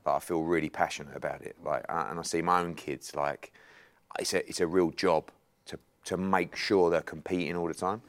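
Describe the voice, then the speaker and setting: A man's voice: low voice, a little fast. A man in his forties, a boxing promoter, telling anecdotes in casual chat and acting out the people in them. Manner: animated anecdote telling, acting out others' lines.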